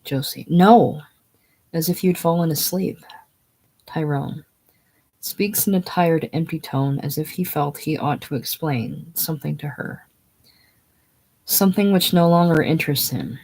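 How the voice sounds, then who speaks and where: Casual play reader, stage directions, slow and plain with vocal fry. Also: mid-range voice, a little mellow.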